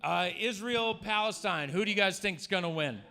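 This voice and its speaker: A man's voice: sits high, normal speed, vocal fry, bright, forceful tone. A man doing a crude, provocative stand-up set in a comedy club. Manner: crude, provocative, jumps into mocking voices.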